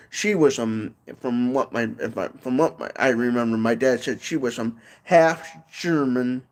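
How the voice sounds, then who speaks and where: A man with a Michigan accent chatting casually on a livestream from his porch, rambling and often tacking on "and stuff". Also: medium pitch. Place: home porch, outdoors.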